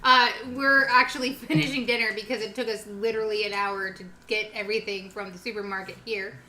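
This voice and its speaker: A woman's voice: medium pitch, fairly even intonation, a little fast, bright, forceful tone. A woman hosting a casual podcast, chatty and laughing often. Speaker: podcast host. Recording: echoey room, faint noise.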